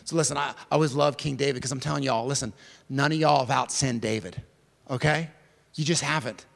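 A man preaching a sermon in a lively, casual way, with slang and sudden swings from loud to hushed. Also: mid-range voice, a little fast, creaky. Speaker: pastor. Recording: long reverb of a large hall.

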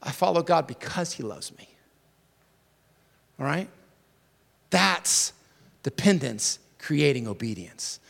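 High-voiced pastor preaching in a reverberant hall. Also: male voice, gravelly. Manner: emphatic, swinging from loud declarations to hushed near-whispers, repeats key words. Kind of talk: sermon.

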